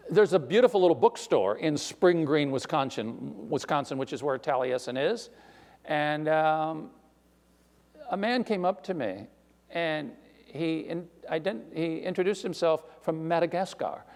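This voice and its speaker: An older male author telling stories on stage before an audience, animated and self-deprecating, with frequent restarts. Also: a little high, measured pace, creaky. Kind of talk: live author conversation on stage. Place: recital hall before an audience. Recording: long hall reverb.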